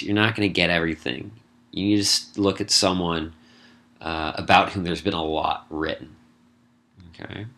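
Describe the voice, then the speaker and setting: A middle-aged man teaching college English speaks in a low-pitched, sharp tone. His recorded lecture casually walks students through an essay assignment, with brisk lists of points and wry asides.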